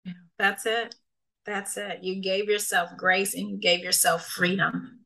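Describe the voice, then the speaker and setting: Bright-voiced woman coach, emphatic. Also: mid-range voice, little pitch movement, a little slow, creaky, rough recording. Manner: emphatic, repeats phrases for effect. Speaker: guest, coach and speaker. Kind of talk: casual conversation.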